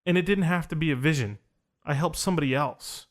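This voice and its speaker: A man with a slightly raised voice tells a story in a relaxed podcast chat. He talks with animation and acts out the lines of the people in his story. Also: fairly high pitch, a little fast. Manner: animated, acts out quoted dialogue. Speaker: podcast host recounting an experience.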